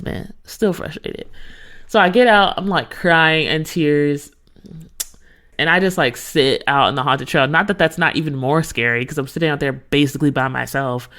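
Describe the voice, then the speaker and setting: A woman in her thirties hosting her own podcast, telling a story in a casual, expressive way and talking straight to her listeners. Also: sits low. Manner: animated, expressive, talks to listeners directly. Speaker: podcast host.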